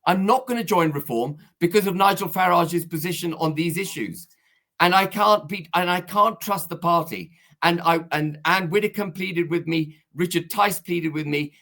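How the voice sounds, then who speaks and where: Fired-up guy in a political debate, keeps pushing his point over interruptions, voice on the high side. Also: sharp tone. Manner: insistent, emphatic, talks over interruptions. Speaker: political guest.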